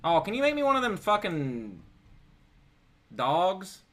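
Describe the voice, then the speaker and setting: This game streamer's high-pitched, slightly bright voice swoops wildly in pitch, though he speaks unhurriedly. He rambles and swears in a laid-back live-stream chat while game music plays.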